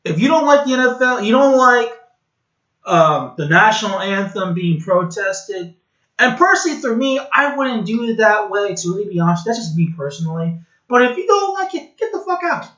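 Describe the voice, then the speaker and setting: A man's voice: high voice, very animated, moderate pace, bright, forceful tone. A man delivering a blunt, sarcastic commentary rant, mocking and scornful as he talks. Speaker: vlogger. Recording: dull, roomy home recording.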